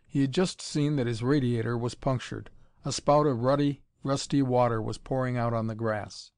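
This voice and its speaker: A man narrating an audiobook in an even, measured reading voice. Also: medium pitch, smooth, no echo, studio quality. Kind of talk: scripted narration.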